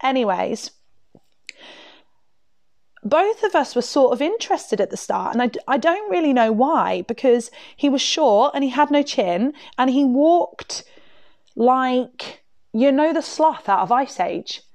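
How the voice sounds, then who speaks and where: A woman's voice: high-pitched, lively intonation, a little slow, a little mellow, no echo. A woman hosting a podcast, telling a personal story in a candid, chatty, self-mocking way with many fillers. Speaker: podcast host. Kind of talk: casual storytelling.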